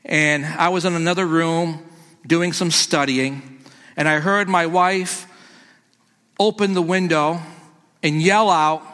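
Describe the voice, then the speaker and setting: Brief: middle-aged male pastor, bright high voice, unhurried and earnest, echoey sanctuary. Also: fairly even intonation. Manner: earnest, quotes scripture. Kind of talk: sermon. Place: church. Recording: echoey church hall.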